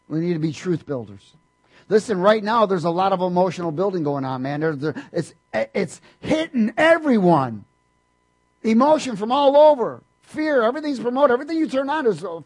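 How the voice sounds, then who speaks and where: A man preaching a sermon, reading scripture aloud and breaking in with fervent asides and hallelujahs, swinging from loud bursts down to quiet murmurs. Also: high voice, slightly rough. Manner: frequent "hallelujah" interjections.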